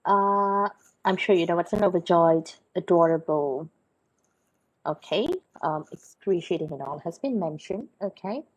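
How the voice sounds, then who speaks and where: Husky-voiced woman teaching vocabulary. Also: on the low side, measured pace, rough recording. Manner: explains patiently with many fillers and checks like "okay?" and "right?". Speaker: English teacher. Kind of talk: recorded vocabulary lesson.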